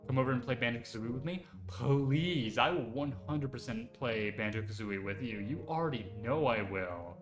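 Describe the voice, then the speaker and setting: A man's voice: medium pitch, moderate pace, hardly any pauses. Chatty guy streamer rambling about games, echoey room, bit of music under him. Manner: chatty and excitable, rambling with lots of fillers. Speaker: VTuber streamer. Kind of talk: casual live-stream chat.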